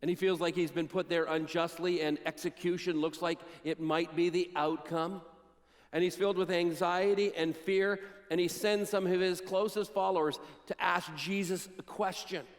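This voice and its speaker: Man, pastor, high voice, dramatic storytelling sermon, long reverb of a church hall. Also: little pitch movement. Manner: storytelling, acts out Bible quotes with dramatic pauses. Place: church sanctuary.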